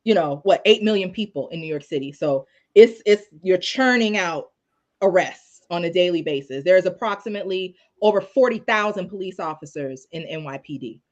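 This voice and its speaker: A woman criminal law attorney, a guest telling stories in a casual, animated way with many fillers. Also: on the low side, moderate pace, highs cut off. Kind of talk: casual storytelling in a live discussion.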